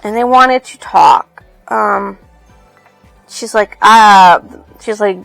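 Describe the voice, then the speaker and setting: A woman's voice: medium pitch, slow pace, vocal fry, long pauses, a bit bright, soft background music, rough recording. A woman casually recapping a novel for her channel, rambling and loosely reading out quotes from it. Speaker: book reviewer.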